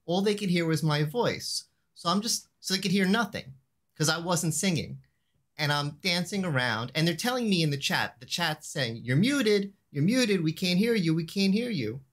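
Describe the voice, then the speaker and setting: Man, co-host, chatty anecdote teller with a lively, swooping pitch, video call. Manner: animated storyteller, acts out the shouted line. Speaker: show regular, co-host. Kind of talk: casual chat, telling an anecdote.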